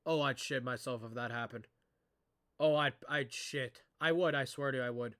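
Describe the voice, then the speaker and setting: A man giving a casual reaction commentary as a streamer, excitable and rambling, talking straight to his viewers. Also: medium pitch, moderate pace, background noise.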